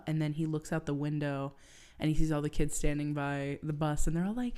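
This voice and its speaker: A woman's voice: low voice, fairly even intonation, brisk, a little mellow. A woman in her thirties co-hosting a podcast in casual chat, swearing freely and acting out quotes. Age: 30s. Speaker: podcast co-host.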